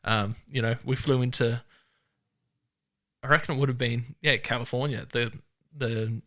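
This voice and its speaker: An Australian man hosts a podcast in an easy, casual chat. His voice is bright and forward at a middle pitch. He tells relaxed stories, now and then acting out the lines of people he met. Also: moderate pace. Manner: laid-back storytelling, swearing and acting out other people's lines. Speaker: podcast host.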